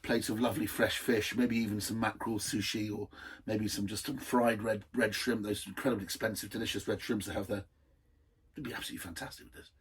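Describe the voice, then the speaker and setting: Guy doing a casual wine tasting, husky voice, chatty and rambly, a bit off mic. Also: on the low side, fairly even intonation, quick pace, recorded from a distance. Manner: rambling, chatty and enthusiastic, full of asides. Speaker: wine reviewer, host.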